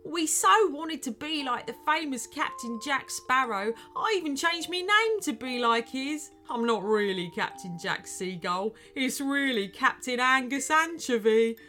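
A tearful male pirate captain, put on by a woman reading a storybook, blubbering and sniffling. He speaks higher than a gruff pirate should, with a bright, pinched tone. His sentences wobble up and down with self-pity. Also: lively intonation, takes it slowly, faint music behind, exaggerated voice.

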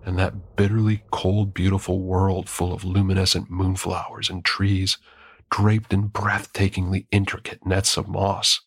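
A male narrator telling a first-person horror story in a measured, grim way. His voice is very deep and gravelly, with a husky, breathy edge. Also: flat delivery, dry recording, clean studio sound.

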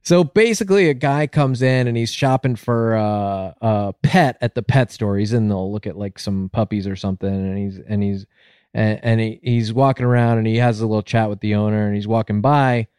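A man co-hosting a comedy podcast, telling a long joke in a rambling, casual way and getting loud when he acts out the characters. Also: on the low side, moderate pace, clear, resonant tone, dry recording, studio quality. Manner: rambling storyteller, loud excited voices for characters. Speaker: podcast co-host.

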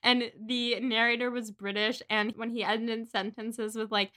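A young woman co-hosts a relaxed book podcast and recaps the chapters in an animated, gushing rush. Her voice sits fairly high and sounds bright. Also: normal speed, few pauses. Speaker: podcast co-host. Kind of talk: casual book-club chat.

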